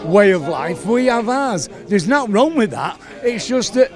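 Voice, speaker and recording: A man's voice: high voice, sing-song, moderate pace. A man from the north of England, proud and defiant in a street interview. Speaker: member of the public.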